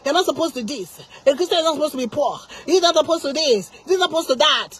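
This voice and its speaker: A woman's voice: sits high, expressive, fast, a bit bright. A woman preaching an informal sermon, impassioned and full of repeated rhetorical questions.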